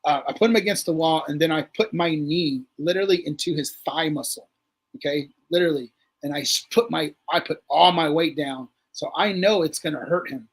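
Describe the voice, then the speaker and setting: A man with a husky, slightly raised voice tells a story loosely on a livestream. He acts out the quotes as he goes and swears freely. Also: on the high side, a little fast. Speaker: guest.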